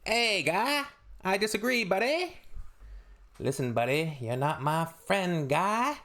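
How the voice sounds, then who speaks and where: A man's voice: high-pitched, sing-song, slow pace, sharp tone, pitched above the performer's own voice, full character voice. A man voicing a mock Canadian man who squabbles while staying polite. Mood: mock bickering.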